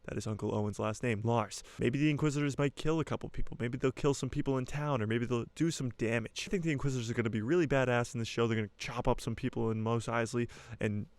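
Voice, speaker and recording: A young man hosting his own channel, giving casual, jokey fan commentary in an excitable way. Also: medium pitch, no echo. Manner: excitable, jokey, speeds up and slows down. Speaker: YouTuber host.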